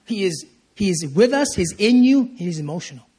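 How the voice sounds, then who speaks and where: A man preaching a church sermon in a high, husky voice. He presses his points hard, repeats them, and keeps calling for "amen". His phrases often break and restart as his feeling rises. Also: animated, moderate pace, darkish tone. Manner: emphatic, repeats lines and asks "Amen?" for response. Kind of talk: sermon at a prayer meeting. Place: church service.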